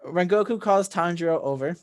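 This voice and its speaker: A man co-hosting a podcast, recapping a film in casual chat, excitable and rambling with lots of fillers and restarts. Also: high voice, brisk. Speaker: podcast co-host.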